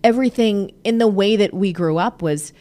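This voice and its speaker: With a mid-range voice at normal speed, a woman in her thirties hosts a podcast alongside her husband. Their chat is casual, and she stays animated, laughing frequently and using fillers.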